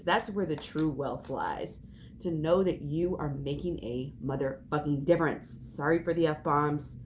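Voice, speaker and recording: A woman's voice: low-pitched, expressive, brisk, slight background noise. A young woman giving an emphatic spiritual pep talk as a tarot reader, swearing and laughing as she speaks.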